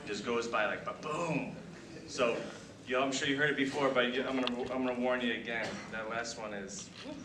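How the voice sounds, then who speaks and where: A middle-aged man giving a halting, emotional retirement speech full of fillers and restarts. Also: mid-range voice, fairly even intonation. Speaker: retiring senior master sergeant giving a speech. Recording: echoey hall, distant mic, noisy.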